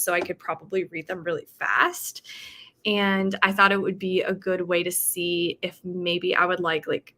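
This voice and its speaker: A woman's voice: medium pitch, sharp tone. A woman hosting a casual livestream, chatting about books and reading viewer comments with lots of fillers. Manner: chatty, with frequent fillers and laughs. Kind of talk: casual chat.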